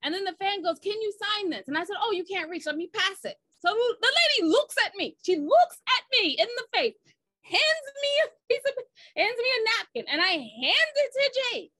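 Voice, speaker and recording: A woman's voice: extremely high pitch, very animated, moderate pace, bright, forceful tone, dry recording. A woman guest and writer on a podcast, chatting casually and teasing her co-guest playfully. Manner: playful teasing, throwing mock shade. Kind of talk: casual chat.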